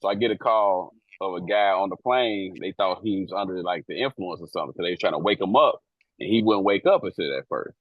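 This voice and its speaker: A talk-show co-host who works as an airport police officer casually recounts a job story in slangy, profane language, acting out the people involved. His voice sits low and moves fairly quickly; the audio is narrow and tinny with no room sound.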